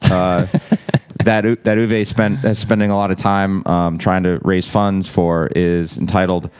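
A man's voice: low-pitched, level tone, unhurried, darkish tone, clean tone, no room sound. A man co-hosting a comedy podcast, stepping in to correct and clarify details. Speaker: podcast co-host. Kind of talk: comedic casual chat.

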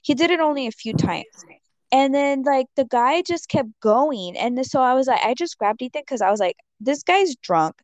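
In a dry, dull lo-fi recording, a high-voiced woman talks at normal speed, telling a story in casual chat. She rambles, uses many fillers, and performs the quoted lines.

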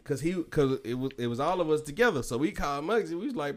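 A man's voice: fairly high pitch, fast, few pauses. A man, co-hosting a podcast, telling a rowdy party story in casual, profane chat, quoting friends and laughing often. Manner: animated, laughing, profane storytelling with quoted dialogue. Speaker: podcast co-host.

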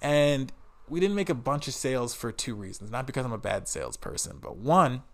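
A man's voice: mid-range voice, brisk, vocal fry. A man telling a story about his old job in a casual vlog, swearing and sounding exasperated as he tells it. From United States. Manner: profane, animated, exasperated. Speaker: vlogger.

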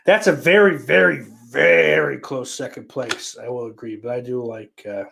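A man's voice: medium pitch, normal speed, vocal fry, fairly bright tone. A man hosting a casual live stream, reading viewer comments and answering them in a crude, sarcastic, rambling way with lots of swearing. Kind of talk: casual profane chat.

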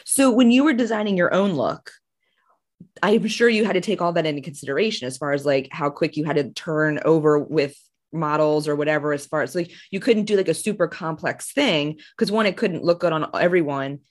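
Deep-voiced woman hosting a chatty podcast. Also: brisk. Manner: chatty, rambling, heavy use of "like". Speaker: podcast host. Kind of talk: casual podcast chat.

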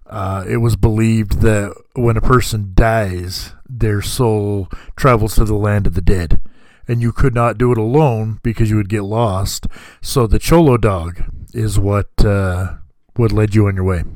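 A man's voice: lowish voice, a little mellow, dry recording. A man hosting a casual podcast, laid-back and joking, swearing freely as he talks. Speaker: podcast host. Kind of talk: casual chat.

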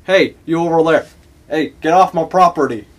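A man putting on a Southern accent to play a gun-toting rural man guarding his land, loud and drawling. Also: a little high, normal speed, crowd noise, pitched above the performer's own voice, natural voice. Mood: gruff. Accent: put-on American Southern.

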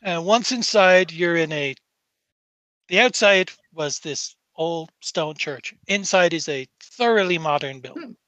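A man narrates a tabletop game as game master, circling back on himself with filler words and restarts. His voice is fairly high and bright, and it is recorded dry and close. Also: lively intonation, a little slow, no room sound. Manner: rambling, with many fillers and restarts.

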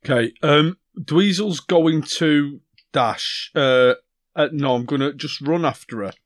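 A man's voice: a little high, takes it slowly, dry recording, clean studio sound. A man playing a tabletop game, casually and a bit hesitantly explaining what his character does. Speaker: player.

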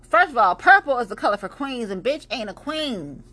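A woman's voice: big pitch swings, fairly quick, hardly any pauses. Profane ranting woman podcast host. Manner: blunt, profane, heated ranting; shifts between loud outbursts and low muttering. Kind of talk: unscripted solo podcast rant.

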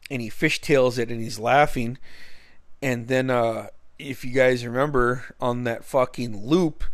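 A man's voice: medium pitch, no room sound. A man from Alaska telling a rambling personal story in a casual way, swearing heavily and using lots of fillers. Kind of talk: casual spoken anecdote.

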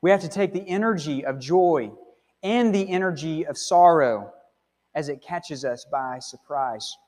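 A man's voice: fairly high pitch, animated, a little slow, a little mellow. A man preaching a sermon as pastor in a church, talking conversationally and often checking in with "okay?" and "right?". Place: church sanctuary. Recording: long hall reverb.

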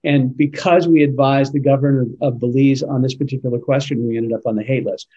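Man, interview guest, earnest and emphatic, mid-pitched voice, talks at length with restarts. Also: fairly even intonation, brisk, mellow, highs cut off. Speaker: interview guest, Catholic advocacy leader. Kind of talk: conversational interview answers.

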